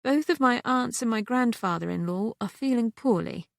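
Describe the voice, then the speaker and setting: A woman voicing a kind, breezy young English heiress who talks briskly and teasingly. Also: a little high, lively intonation, vocal fry, no room sound, studio quality, voice pushed up.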